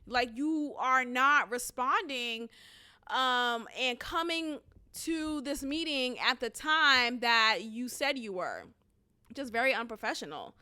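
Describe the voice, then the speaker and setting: High, bright-voiced woman ranting casually. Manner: animated, blunt, swears freely, laughs between lines. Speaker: vlogger telling a story. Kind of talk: casual storytime rant.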